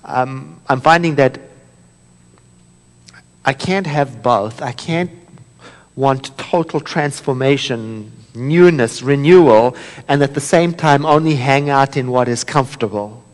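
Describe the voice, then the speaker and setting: A man's voice: medium pitch, slow pace. A man giving a sermon as a minister, telling a story with humor and acting out its voices. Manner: storytelling, warm humor, acts out voices in a joke. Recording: long reverb of a hall.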